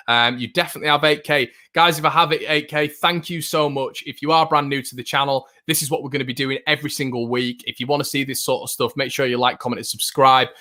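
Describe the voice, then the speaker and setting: A young man hosting a live football watchalong stream, chatting casually and reading out viewer comments with lots of fillers and restarts. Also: medium pitch. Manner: chatty, filler-heavy, frequent restarts, excitable fan.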